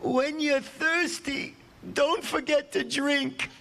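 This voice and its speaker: A man voicing a tearful, loving mother who is seeing her son off, speaking in a slow, choked-up way. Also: fairly even intonation, creaky, sharp tone, heavily acted. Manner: slow, high, choked-up pleading.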